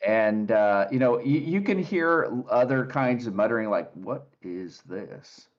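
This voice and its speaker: A man narrating as game master for a tabletop game, relaxed and halting with many fillers. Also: medium pitch, highs cut off.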